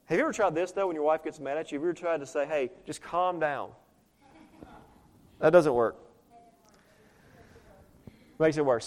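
With a fairly high-pitched voice, a man preaches a sermon as pastor, delivering it animatedly. He performs the voices of those he quotes, shifting back and forth between loud and soft.

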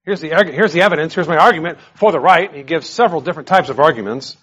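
A man giving a verse-by-verse Bible teaching, animated and emphatic, with casual conversational asides. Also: on the high side, racing, husky.

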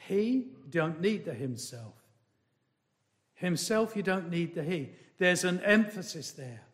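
With a fairly high pitch, a man delivers a slow, emphatic sermon, returning to key phrases and alternating loud proclamations with quiet asides.

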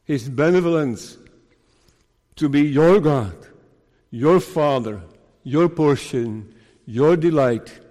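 A man preaching an earnest sermon as minister, with slow deliberate delivery and emphatic rises. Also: fairly high pitch, darkish tone, long reverb tail.

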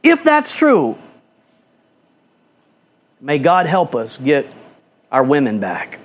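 A man's voice: a little high, huge pitch swings, takes it slowly. A male pastor preaching a fiery sermon in a church, firing off rhetorical questions and repeating phrases for emphasis.

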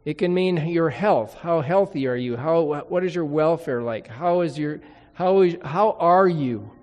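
A male pastor delivers a Sunday night sermon at an unhurried, deliberate pace. His fairly high voice rings out in a hall with a long reverb, and he pauses to explain Hebrew words. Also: expressive, darkish tone, highs cut off. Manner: teaching, explains Hebrew words and reads scripture aloud.

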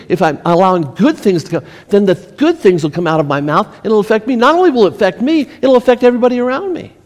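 A man preaching a sermon as pastor, animated, swinging from mocking mutters to loud exclamations. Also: sits high. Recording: reverberant hall.

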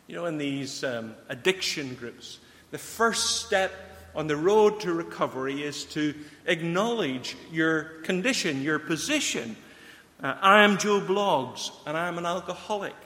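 Preacher in an echoing hall. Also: male voice, high voice, a bit bright. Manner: earnest, questioning the listeners directly. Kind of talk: sermon. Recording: long hall reverb.

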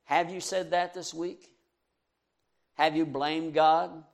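A man preaching a sermon, earnest and direct, asking his listeners questions and swinging from loud emphasis to quiet asides. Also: fairly high pitch, flat delivery, takes it slowly, creaky.

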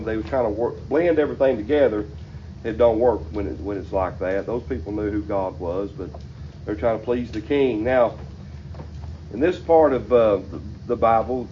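A man preaching a sermon in a church, his voice sitting at a middling pitch. He reads scripture and then breaks it down in plain, folksy talk. The recording is a little dull, with a faint hiss behind him. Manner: reads scripture aloud then explains it in plain colloquial speech. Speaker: pastor.

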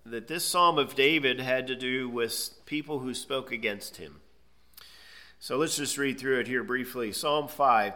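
A man's voice: medium pitch, pushed and bright. A man preaching an expository sermon, reading scripture aloud and then explaining it plainly. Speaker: pastor.

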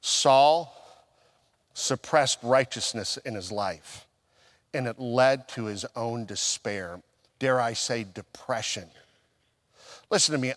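A man's voice: medium pitch, a bit bright. Man preaching with a long hall echo. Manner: storytelling, acting out his own past conversations. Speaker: pastor. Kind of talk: sermon.

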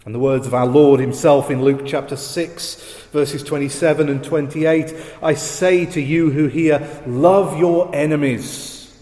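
A man preaching a sermon, slow and emphatic, leaning on repeated phrases. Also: a little high, steady tone, dark tone. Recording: roomy hall echo.

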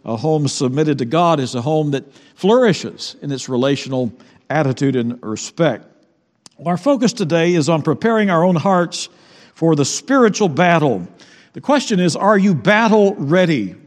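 A man pastor with a fairly high voice preaches a Sunday sermon in a conversational, unhurried way, dropping in fillers and repeated words. His voice carries a long, ringing church reverb. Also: lively intonation. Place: church sanctuary.

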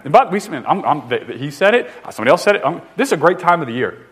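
A man in his thirties, a pastor preaching in a quick, chatty way, tripping over his words and restarting as he goes. His voice sits a little high for a man, and his delivery stays loose and joking. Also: big pitch swings, fairly bright tone, slightly rough. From northern United States. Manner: fast-talking, conversational, jokey, with frequent restarts. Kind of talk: sermon.

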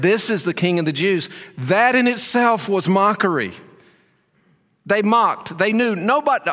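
A slightly high-voiced man delivering a sermon, earnest and emphatic, dropping suddenly to hushed tones and rising again. His words ring out with a long echo, as if spoken in a large hall. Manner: earnest, emphatic preaching with sudden shifts between loud and hushed. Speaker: pastor.

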